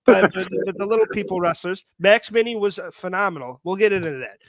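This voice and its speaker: A man with a fairly high voice leads a relaxed podcast chat, close to the mic in a dry room. He sounds upbeat and chatty and keeps cutting in with quick asides. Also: no room sound. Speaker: podcast host. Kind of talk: casual wrestling review chat.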